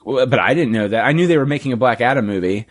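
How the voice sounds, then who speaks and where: A man hosting a relaxed podcast conversation. He tells stories with energy and acts out the voices of the people he quotes. His voice sits at an ordinary middle pitch. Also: fast. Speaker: podcast host. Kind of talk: casual chat.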